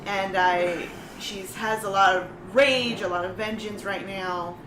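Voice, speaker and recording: Unhurried woman player, mid-pitched, earnest, roomy room. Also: steady tone, distant mic, background noise. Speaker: player character, pack leader. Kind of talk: tabletop role-play chat.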